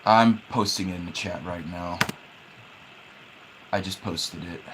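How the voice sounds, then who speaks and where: A young man livestreaming, speaking haltingly as he holds back tears, with many restarts and repeated words. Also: deep voice, fairly even intonation, noisy background. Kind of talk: emotional livestream talk.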